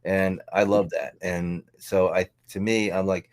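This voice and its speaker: A man's voice: deep voice, flat delivery, unhurried, a little mellow. A man from New York, a guest musician, talking in a casual, rambling way full of "you know". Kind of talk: casual podcast chat.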